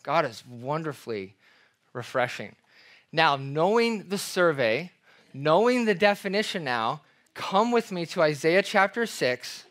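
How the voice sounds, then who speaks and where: A man's voice: on the high side, measured pace. A man preaching a sermon as pastor, reading scripture with emphasis and acting out everyday examples. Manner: expressive preaching, reads scripture aloud with emphasis; acts out everyday examples in playful voices.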